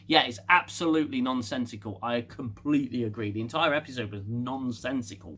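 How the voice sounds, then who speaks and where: A man's voice: mid-range voice, moderate pace, fairly bright tone, slight background noise. A man casually recapping a TV episode, rambling with restarts and laughing often. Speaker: TV show reviewer.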